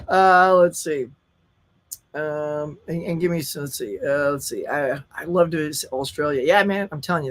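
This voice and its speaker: A man's voice: a little high, a little slow. A middle-aged man from Colorado, hosting a casual live stream and chatting with viewers, often laughing. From Colorado, USA.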